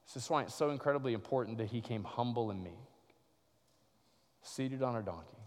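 A male pastor preaching a dramatic sermon, swinging from loud passages to hushed ones, in a church sanctuary. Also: medium pitch, fairly quick, in a large hall.

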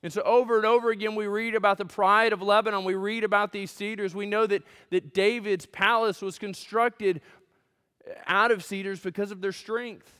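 A male pastor preaching a sermon in a church, swinging from loud, emphatic build-ups to hushed, near-whispered lines. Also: high-pitched, steady tone, moderate pace, clean tone. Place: church sanctuary. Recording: long hall reverb.

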